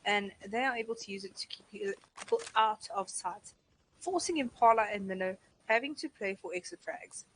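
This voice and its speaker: A woman's voice: medium pitch, moderate pace. A woman doing live esports commentary and chatting with viewers. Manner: chatty, talks to the chat. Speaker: esports caster. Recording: noisy stream audio.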